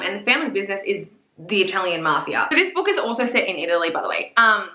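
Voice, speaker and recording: A woman's voice: mid-range voice, pushed and bright, reverberant. A woman chatting casually as a book reviewer, gushing and swearing freely. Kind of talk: casual chat.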